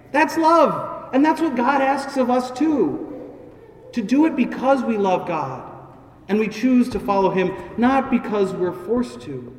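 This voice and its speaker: Priest, male, high voice, relaxed storytelling homily, distant mic in a reverberant church. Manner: conversational, storytelling with jokes. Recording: echoey church heard from far off.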